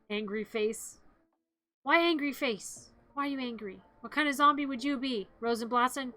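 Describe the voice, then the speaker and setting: A bright, fairly high streamer voice, chatting casually on a live stream. The delivery is playful and giggly, with growled zombie noises and shrieks acted out along the way. Faint music plays behind. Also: a little slow.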